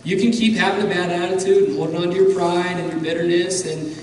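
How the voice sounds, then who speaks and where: A man with a high voice preaches a fervent sermon, hammering phrases again and again and building to shouts. He sounds far from the mic in a big church hall with a long, heavy echo, and there is a faint hiss under him. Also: fairly even intonation, fast. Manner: repeats phrases for emphasis. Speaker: guest preacher. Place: church sanctuary.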